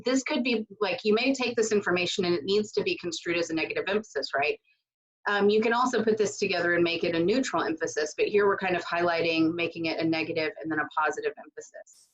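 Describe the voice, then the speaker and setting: Woman writing instructor, loose chatty delivery full of fillers, somewhat low voice, muffled home recording. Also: fast talker. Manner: loose and conversational, with many fillers and asides. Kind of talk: casual recorded lecture.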